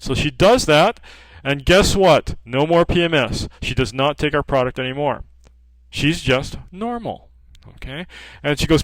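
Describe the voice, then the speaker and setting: A man's voice: on the high side, lively intonation, moderate pace, no room sound, poor audio. A man who sells hormone cream talks informally to customers, telling anecdotes about patients and acting out their calls while often saying "okay". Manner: peppers speech with "okay", acts out callers' lines in dialogue. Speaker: hormone practitioner selling progesterone cream.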